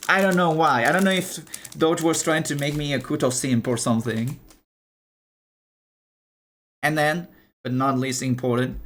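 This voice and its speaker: A young man chatting casually on a live stream, animated and chatty, swearing and laughing as he shows off items. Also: mid-range voice.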